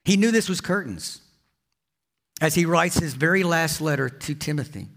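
A man's voice: fairly high pitch, expressive, moderate pace, creaky, fairly bright tone. A man preaching a sermon as a pastor, telling a personal story with frequent repeats and restarts.

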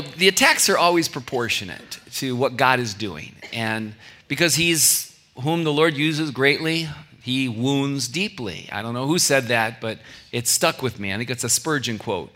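A man's voice: medium pitch, sharp tone. A middle-aged male pastor from California, preaching in a conversational way with anecdotes and asides. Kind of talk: sermon.

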